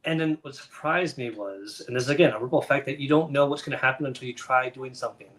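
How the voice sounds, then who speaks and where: A middle-aged man, a children's book author and guest on a live show, telling stories in a lively way and acting out the voices of the people in them. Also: medium pitch, fast. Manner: animated, acts out the voices of others in his stories. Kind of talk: conversational interview storytelling.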